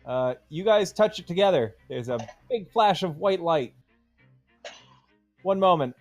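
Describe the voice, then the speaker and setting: A man's voice: sits high, expressive, unhurried, a little mellow, soft background music. Playful man as game master. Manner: playful, often laughing. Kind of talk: narrating a tabletop game.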